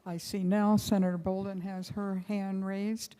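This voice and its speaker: A woman's voice: medium pitch, little pitch movement, unhurried, mellow, in a large hall. A woman presiding over a legislative session, formally repeating each vote back. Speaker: presiding officer. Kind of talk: chairing a roll call vote. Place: legislative chamber.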